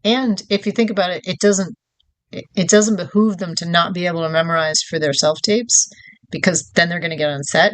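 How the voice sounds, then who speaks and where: A woman's voice: lowish voice, no room sound. A woman from New York co-hosting a podcast, chatting casually, laughing often as she answers listener questions. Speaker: podcast co-host.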